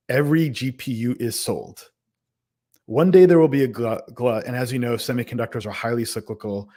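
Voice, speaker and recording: A man at a mid pitch hosts a laid-back interview. He makes confident points and keeps the talk moving with short remarks of agreement. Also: darkish tone. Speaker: podcast host.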